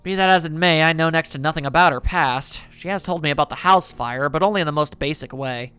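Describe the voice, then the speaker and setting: A man's voice: on the high side, fast talker, bright, forceful tone, smooth, soft background music. A man hosting a let's play, reading a visual novel's first-person narration aloud in a reflective way.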